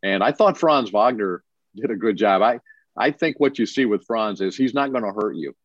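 A fairly low-voiced man chats easily about basketball, repeating a word here and there as he gets going. His voice comes through a dull, muffled remote line that sounds dry and close. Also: moderate pace, dry recording. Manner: relaxed, repeats words when starting a thought. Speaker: basketball broadcaster. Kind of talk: casual sports radio chat.

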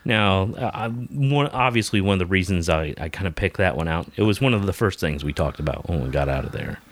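A man's voice: low-pitched, expressive, fairly quick. A man hosting a casual movie review chat, guiding the talk and joking. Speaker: podcast host leading a movie review.

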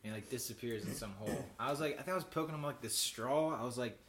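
A man's voice: medium pitch, fast, a bit bright, a little hiss or hum. A young man, a podcast host, telling a long story in casual chat, rambling, with lots of "like", swearing and laughing as he goes.

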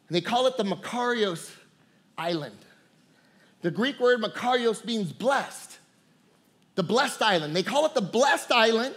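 A man's voice: very high-pitched, a bit bright. A man preaching a sermon, repeating words and calling out to the congregation, laughing often. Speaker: pastor.

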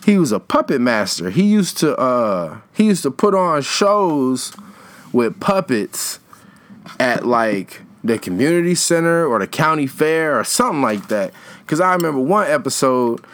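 A young man chatting casually in a rambling, slangy way, trailing off and restarting his thoughts. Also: mid-range voice. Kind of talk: casual chat.

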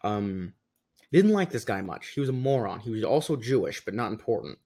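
A young man casually telling a long school story, animated and quick to laugh, mimicking the people in it with a raised voice. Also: on the low side. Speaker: podcast guest. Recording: rough audio.

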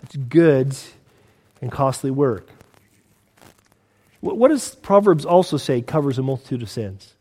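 A man's voice: medium pitch, sing-song, a little slow, pauses often, darkish tone, in a large hall. A man with an American accent preaching a sermon as pastor, in a conversational way with rhetorical questions and repeated words. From United States.

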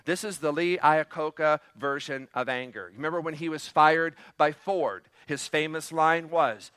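A man's voice: a little high, unhurried, few pauses, fairly bright tone, clear, resonant tone, no room sound. A man preaching a sermon as pastor, in a conversational way with frequent fillers. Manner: leans into acted quotes.

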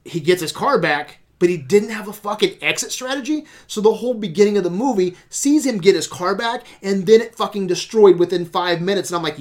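A man's voice: sits high, expressive, brisk, hardly any pauses. A man ranting about movies on a casual podcast, swearing a lot and sounding exasperated. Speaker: podcast host reviewing movies. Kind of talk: casual profane movie rant.

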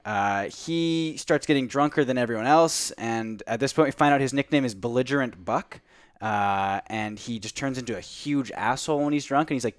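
A man's voice: medium pitch, no room sound, studio quality. A young man in his twenties, a podcast co-host, telling a long anecdote in casual chat, with lots of "like" and "uh".

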